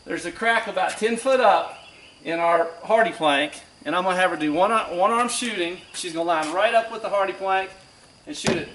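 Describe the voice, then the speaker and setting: Man, high voice, recreation director running outdoor basketball drills, encouraging, faint background noise. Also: a bit bright. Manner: encouraging coaching patter with quick cues.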